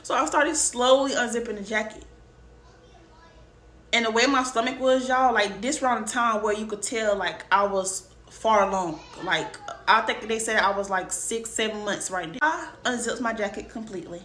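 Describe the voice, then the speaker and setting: A woman's voice: a little high, normal speed, fairly bright tone. Young woman telling a storytime, roomy sound. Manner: emphatic, speaks straight to viewers. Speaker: vlogger. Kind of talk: casual storytime. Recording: roomy room, faint background noise.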